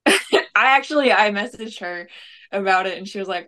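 A young woman speaks casually as a podcast guest, her thoughts tumbling out with frequent fillers. Her voice sits at an ordinary middle pitch for a woman. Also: animated, moderate pace, long pauses, sharp tone. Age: young adult. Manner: rambling, many "like" fillers. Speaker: guest, prank-call comedian. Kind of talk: casual interview chat.

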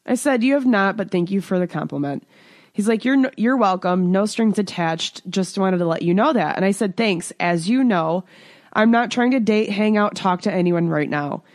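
A woman's voice: medium pitch, moderate pace, no room sound, clean studio sound. A woman co-hosting a podcast, telling a dating story in casual chat and mimicking the texts she got. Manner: animated storyteller, reads out texts in mimicked voices. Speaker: podcast co-host.

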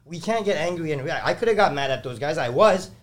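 A man who owns a construction company, telling stories in a lively, profane way on a casual podcast. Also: on the high side, fast talker. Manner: animated, profane storytelling.

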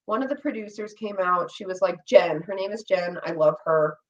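A woman chatting casually on a podcast, telling a long story with animated delivery, quoting herself and others and swearing freely. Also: lowish voice, normal speed, recorded from a distance, muffled recording, a little hiss or hum. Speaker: podcast co-host recounting reality show experience. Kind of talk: casual chat.

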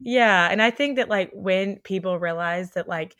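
A woman's voice: mid-range voice, moderate pace, fairly bright tone, no echo, clean studio sound. A young woman interviewing a guest, talking in a rambling, chatty way full of fillers. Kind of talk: casual interview chat.

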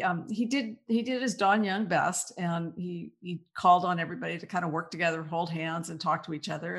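Woman co-host, lowish voice, dry mocking delivery, rattles off lists. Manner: sardonic, mocking, lists things off. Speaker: podcast co-host. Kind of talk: political talk show chat.

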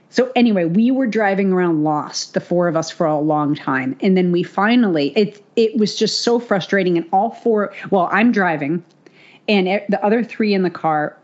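A woman co-hosting a podcast, telling a story in a casual, animated way and swearing freely. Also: fairly low pitch, muffled recording. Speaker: podcast co-host.

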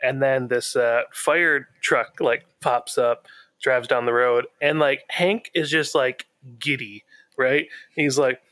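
Man, casual podcast chat, laughs a lot, dry close sound, animated retelling. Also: mid-range voice, slow pace, dry recording. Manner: laughs often, animated retelling with filler words. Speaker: podcast co-host.

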